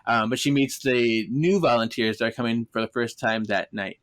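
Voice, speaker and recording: A man's voice: mid-range voice, normal speed, fairly bright tone. A man co-hosting a podcast, chatting casually, laughing often and retelling scenes in quoted voices. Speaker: podcast co-host. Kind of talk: casual chat recapping a book.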